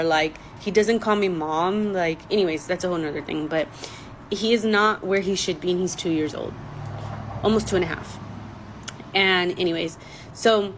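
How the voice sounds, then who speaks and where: A woman's voice: fairly low pitch, a little hiss or hum, low-quality recording. A young woman telling a personal story in a casual vlog, emotional and rambling, with many "like" fillers. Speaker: storytime vlogger.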